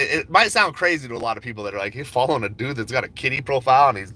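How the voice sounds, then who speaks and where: A man's voice: mid-range voice, animated, very fast, few pauses, sharp tone. A man talking casually on a phone livestream about his stock picks, joking, swearing and laughing while he drives and waits in a coffee line. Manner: laid-back, joking, swears freely, laughs often. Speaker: stock market vlogger. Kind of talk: casual rambling livestream chat. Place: in a car and at a coffee shop.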